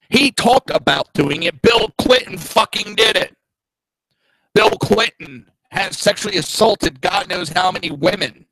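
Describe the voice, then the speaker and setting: A man's voice: high voice, expressive, a little slow, gravelly, sharp tone, no room sound, poor audio. A middle-aged man hosting a political talk show, blunt and profane, with mocking asides.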